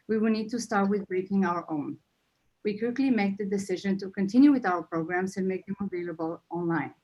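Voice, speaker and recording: A woman's voice: medium pitch, lo-fi sound. A woman leading a nonprofit, giving an earnest, heartfelt annual meeting speech and fighting back tears. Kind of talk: emotional speech to members.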